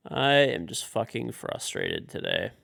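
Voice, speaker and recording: A man's voice: lowish voice, huge pitch swings, measured pace, gravelly, pushed and bright. A man streaming a video game live, frustrated and swearing as he mutters to himself and talks to teammates. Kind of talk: live-stream commentary while playing.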